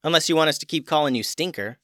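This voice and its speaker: A man's voice: fairly high pitch, quick pace, fairly bright tone, no echo, clean studio sound, voice pushed up, close to an everyday voice. Daisy, a curious young girl adventurer, voiced by a man.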